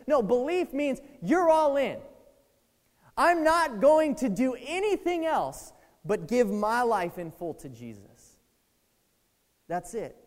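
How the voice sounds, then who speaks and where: A preacher delivers a sermon in a chatty, talk-to-you style, checking in with the listeners again and again. The pitch swings widely as the preacher acts out quoted thoughts. The voice carries a long reverb from a large hall. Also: big pitch swings, takes it slowly, pauses often. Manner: conversational, keeps asking "right?".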